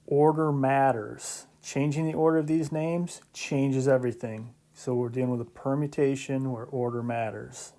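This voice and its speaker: A man delivers a recorded math lesson in an easygoing, conversational way, talking through each step and checking in with the listener. His voice sits in a middle pitch range and has a warm, mellow color, and he drops in light jokes along the way. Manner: conversational, explains step by step with frequent "so" and "right?"; lightly joking asides. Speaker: math instructor. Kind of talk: recorded classroom lecture.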